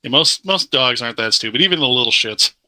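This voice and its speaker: A man on a podcast speaks with a very bright, sharp tone, chatting bluntly and easily slipping into swearing. He laughs easily and keeps a relaxed, offhand delivery. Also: mid-range voice, fast. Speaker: podcast co-host. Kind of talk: casual chat.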